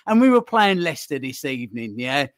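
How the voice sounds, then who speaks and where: A man's voice: mid-range voice, very animated, fairly quick, fairly bright tone, no echo, clean studio sound. A man hosting a playful quiz on a live football fan show, teasing and building suspense.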